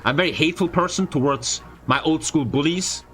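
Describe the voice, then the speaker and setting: A young man, a streamer, telling a story in casual, profane, expressive chat. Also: a little high, a little fast, soft background music. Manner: profane, expressive, frequent swearing.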